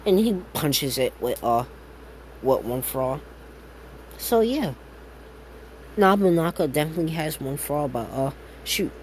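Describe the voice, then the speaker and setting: A man's voice: fairly high pitch, expressive, a little slow, pauses often, slight background noise. Rambling man making up a fan story. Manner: rambling, lots of fillers and self-corrections, casual swearing. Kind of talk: improvised fan-fiction narration.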